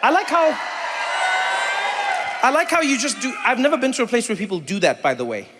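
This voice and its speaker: Speaking a little fast in a very high-pitched voice, a South African man performs stand-up as comedian and host. He animatedly tells a story, talks with the audience and imitates others' voices, all in a live venue with long reverb and faint noise.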